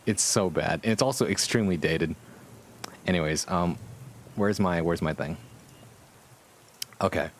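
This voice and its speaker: A man's voice: deep voice, a little slow, pauses often, slight background noise. A man streaming live as a VTuber, chatting casually with his viewers, amused, profane and rambling.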